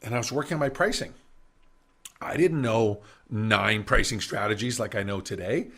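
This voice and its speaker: Bright-voiced man telling a business story. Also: on the low side, normal speed. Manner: animated, acts out quoted voices. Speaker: business speaker. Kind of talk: summit talk storytelling. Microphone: video call.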